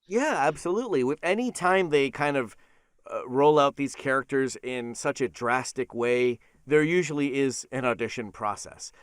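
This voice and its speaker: A man's voice: medium pitch, animated, moderate pace, clean tone, no echo, clean studio sound. A middle-aged man, a voice actor, talking earnestly and gratefully in a casual interview, with frequent fillers. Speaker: voice actor guest.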